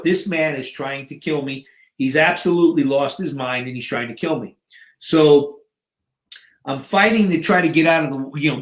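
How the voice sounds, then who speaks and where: In an echoey room, a bodybuilder and fitness coach in his fifties, appearing as an interview guest, tells a story with vivid drama and acts out the scenes. His voice sits on the high side with a fairly bright tone.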